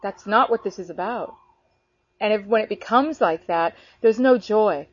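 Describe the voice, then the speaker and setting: A woman talking casually about her faith, earnest and animated, filling her talk with "you know.". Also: medium pitch, moderate pace, a little hiss or hum. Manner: animated, earnest, many fillers. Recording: dull lo-fi sound.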